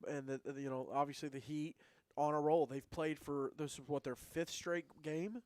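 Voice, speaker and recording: Man, sports radio co-host, slightly high voice, dry sound, rambling and teasing. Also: steady tone, normal speed, a little mellow, dry recording. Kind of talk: casual sports talk.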